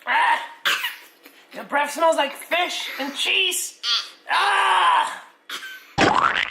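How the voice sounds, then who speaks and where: A woman voicing a cheeky, teasing pig puppet in a kids' puppet show, joking slowly. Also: extremely high pitch, creaky, heavily acted. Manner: teasing, jokey, slow drawl. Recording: echoey room with loud noise.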